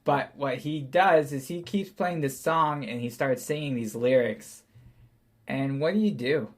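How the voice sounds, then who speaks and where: Male GM, loose rambling narration, quick to laugh. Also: medium pitch. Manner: casual, rambling, laughs often. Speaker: game master. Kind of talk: narrating a tabletop game.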